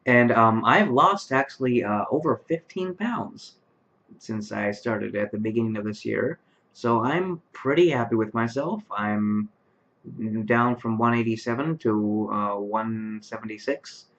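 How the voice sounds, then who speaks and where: A man's voice: lowish voice, measured pace, a bit bright. A man in his late twenties, tired late at night, talking to camera in his bedroom with lots of fillers and restarts. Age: late 20s. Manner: rambling, many fillers and restarts. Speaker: vlogger. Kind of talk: casual talk to camera. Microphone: webcam microphone. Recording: dull lo-fi webcam sound.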